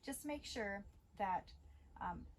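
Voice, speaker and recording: A middle-aged woman presenting a school bus safety training video in a measured, instructional way, with the occasional filler. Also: medium pitch, animated, slight background noise, low-quality recording.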